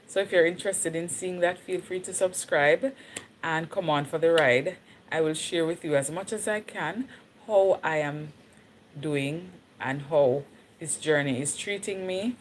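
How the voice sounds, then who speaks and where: A woman's voice: low voice, measured pace, slight background noise. A Jamaican woman chatting casually on her livestream, slipping into patois and laughing easily. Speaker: livestream host.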